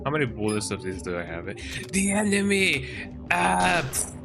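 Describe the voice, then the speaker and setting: A man's voice: lowish voice, very animated, fairly quick, creaky, over music. A man streaming a game, chatting and joking as he plays, reading in-game text aloud and ending lines with "eh?". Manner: chatty, jokey, tags lines with "eh?". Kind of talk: let's-play commentary.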